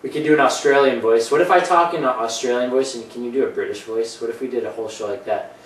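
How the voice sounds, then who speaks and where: A man's voice: medium pitch, fast talker. A man hosting a casual comedy gaming show, rambling and jokey, often slipping into put-on voices. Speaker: host. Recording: echoey room, mic at a distance, faint ambience.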